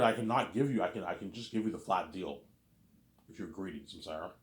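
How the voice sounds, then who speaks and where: A man's voice: deep voice, brisk. A man rambling in a casual monologue, repeating himself and using many fillers. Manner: repetitive, filler-heavy. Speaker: host. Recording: roomy echo.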